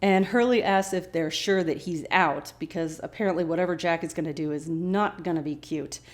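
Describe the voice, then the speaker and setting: A woman's voice: fairly low pitch, normal speed. Chatty woman recapping a TV episode. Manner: chatty and animated, acts out character lines. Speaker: podcast host.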